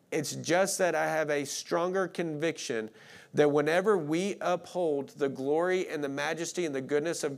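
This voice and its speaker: Speaking with a drawl, this Arkansas pastor delivers his sermon casually and conversationally, bluntly making his points with frequent "like" fillers. His pitch is a bit higher than the typical man's.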